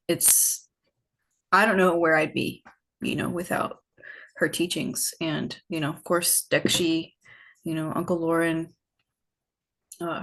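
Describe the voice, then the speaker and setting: A woman guest on a podcast, telling a personal story in a reflective, unhurried way with many fillers. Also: fairly low pitch, fairly bright tone. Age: adult, older than her teen years. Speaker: podcast guest, healing facilitator. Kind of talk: personal storytelling in casual conversation.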